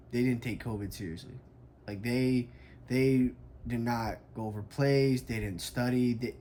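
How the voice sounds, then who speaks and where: A man's voice: mid-range voice, darkish tone, a little hiss or hum. A young adult man, a fitness coach, tells a story in a casual vlog, emphatic and frank, with lots of "like".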